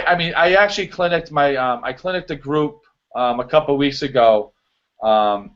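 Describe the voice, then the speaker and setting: A man talks casually as a guest, telling stories with lots of fillers and easy laughter. His pitch sits in the middle, and the recording sounds dull and lo-fi. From US East. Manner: animated storyteller, laughs easily, many fillers. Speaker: show choir choreographer and guest. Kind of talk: casual interview chat. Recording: dull lo-fi audio.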